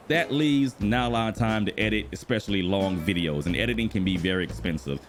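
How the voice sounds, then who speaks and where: A man in his thirties casually chatting about a video game while he plays, animated and quick to exclaim. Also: fairly low pitch. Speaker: gaming YouTuber and streamer. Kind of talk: casual gaming vlog commentary while playing. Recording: music bed playing clearly behind the voice.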